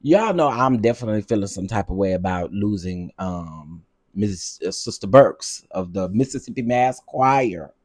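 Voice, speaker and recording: A man hosting a casual vlog, ranting in an animated, repetitive, exasperated way. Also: on the low side, moderate pace. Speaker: vlog host.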